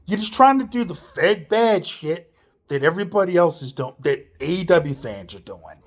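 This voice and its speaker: Profane, fired-up ranting man. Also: moderate pace. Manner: lively, swooping pitch. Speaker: wrestling commentator. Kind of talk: opinion rant to camera.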